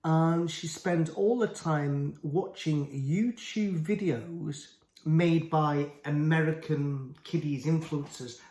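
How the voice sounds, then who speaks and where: A man's voice: fairly high pitch, darkish tone. A man giving scornful, indignant critical commentary on a video channel. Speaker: YouTube commentator. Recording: roomy echo.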